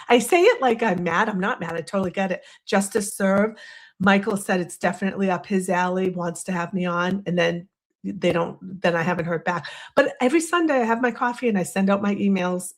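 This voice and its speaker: A woman with a Boston accent hosting a casual livestream, chatty and rambling, poking fun at herself. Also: lowish voice. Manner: chatty and rambling, self-deprecating. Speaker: livestream host.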